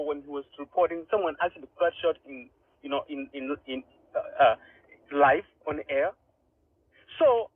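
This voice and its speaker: A man's voice: high voice, slightly rough, no room sound. A young Kenyan man giving an emotional, pleading speech full of rhetorical questions. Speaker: speaker in a live online audio room. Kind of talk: impassioned protest speech. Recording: tinny phone-line audio.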